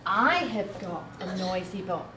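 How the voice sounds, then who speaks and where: Slow, encouraging British woman teacher. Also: mid-range voice, animated, recorded from a distance. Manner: encouraging, drawn out, sound effects. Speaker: primary school teacher. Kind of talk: leading a children's music class. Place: classroom with children. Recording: echoey classroom from afar, noisy.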